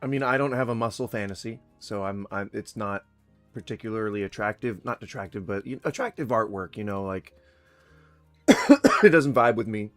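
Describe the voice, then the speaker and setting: A man's voice: lowish voice, animated, normal speed, faint music behind. A man giving casual reaction commentary in a sarcastic, rambling, mocking manner.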